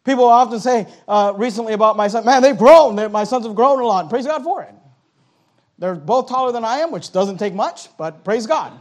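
A middle-aged man preaching a sermon as pastor, emphatic, dropping now and then to a hush. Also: high voice, brisk.

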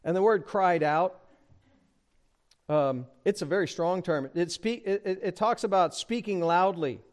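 A man preaching an expository sermon, addressing the congregation directly and rising in pitch and volume for emphasis. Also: a little slow. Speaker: pastor.

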